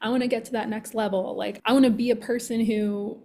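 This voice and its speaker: On a podcast, a woman who works as a manifestation coach talks casually in a somewhat high, fairly quick voice. She tells her story with animation, acting out her own inner thoughts along the way.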